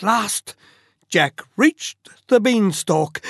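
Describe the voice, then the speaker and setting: A storyteller reading a fairy tale aloud at a very slow, deliberate pace. The pitch rises and falls with great expression. The recording is close and dry. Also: big pitch swings, no echo.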